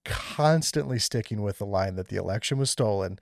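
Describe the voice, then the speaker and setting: A man's voice: on the low side, animated, a little fast, vocal fry, no echo, clean studio sound. A man hosting a casual political podcast, chatting loosely and laughing as he reads through a list. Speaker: podcast host.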